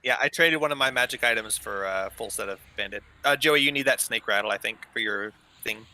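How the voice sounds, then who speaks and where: A man's voice: on the low side, a little fast, bright, forceful tone, low-quality recording. A man chatting casually with friends while playing an online game, explaining game mechanics and laughing often. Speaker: player in an online game group. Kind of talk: casual voice chat while gaming.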